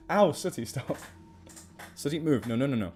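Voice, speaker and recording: A man's voice: mid-range voice, a little mellow. A man chatting casually on a live stream, giggly and rambling.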